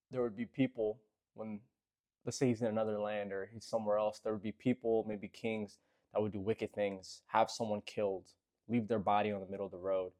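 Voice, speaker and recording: A man's voice: lowish voice, mellow. A man retelling a scripture story in an earnest, conversational way, often speaking straight to the listener and repeating himself for emphasis. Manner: conversational, repetitive, earnest, addresses listener directly. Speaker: bible storyteller.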